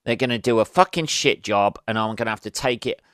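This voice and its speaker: A man's voice: lowish voice, brisk, a bit bright, no echo, clean studio sound. A man hosting a casual solo podcast, ranting with lots of swearing and exasperation. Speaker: podcast host.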